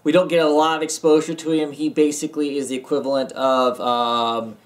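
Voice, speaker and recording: A man's voice: a little high, little pitch movement, brisk. Tired, rambling man reviewing comics. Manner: rambling, many ums and restarts. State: tired, yawning. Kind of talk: casual video review. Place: home basement.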